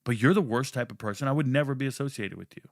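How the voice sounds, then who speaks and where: A man telling a personal story in a casual, animated way, swearing freely and acting out what people said. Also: fast, gravelly, no room sound, clean studio sound. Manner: animated, profane, acts out quotes with jumps in pitch.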